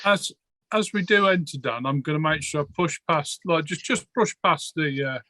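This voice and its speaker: A man's voice: on the high side, normal speed, pushed and bright, dry recording. A man playing a tabletop game, cheeky and teasing toward the other characters. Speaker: player.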